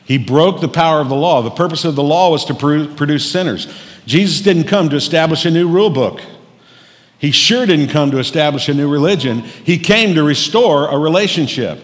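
Brief: middle-aged male pastor, folksy jokey sermon delivery, slightly high voice, long church reverb. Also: expressive, fairly quick. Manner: folksy storytelling with jokes. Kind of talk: humorous sermon. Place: church sanctuary.

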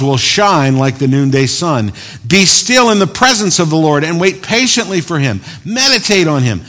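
A man preaching a sermon as pastor, swinging from loud emphatic bursts to quiet asides. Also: fairly high pitch, sing-song, moderate pace. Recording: long hall reverb.

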